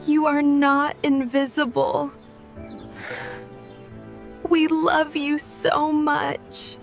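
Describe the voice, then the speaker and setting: A woman voicing a gentle storybook mom. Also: high-pitched, flat delivery, very slow, vocal fry, faint music behind, full character voice. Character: caring mother of two young kids. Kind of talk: slow storybook reading.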